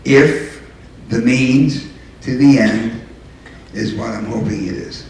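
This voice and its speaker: A man's voice: medium pitch, steady tone, slow, creaky, distant mic, a little hiss or hum. Earnest older man speaking in an echoey hall. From New York City. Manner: earnest, emphatic, repeats and restarts phrases. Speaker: town mayor. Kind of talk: public speech to a local group.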